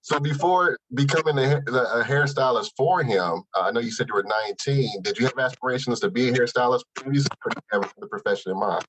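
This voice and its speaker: A man hosts an interview with short, open questions and brief reactions. His pitch sits in the middle range, and a faint hiss runs under his voice. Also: quick pace, few pauses, fairly bright tone, distant mic, low-quality recording. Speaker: interview host. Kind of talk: casual interview.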